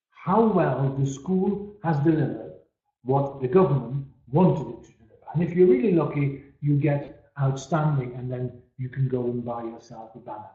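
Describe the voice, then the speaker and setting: A man giving a webinar presentation, stressing key words and letting phrase ends trail off, often repeating words as he restarts. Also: medium pitch. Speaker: webinar speaker. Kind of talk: presentation talk. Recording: echoey, dull-sounding room recording.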